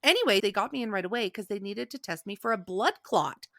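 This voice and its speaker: A woman's voice: mid-range voice, fast, no room sound, clean studio sound. A woman podcast host telling a story in casual chat, acting out the people in it. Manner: animated storyteller acting out quotes.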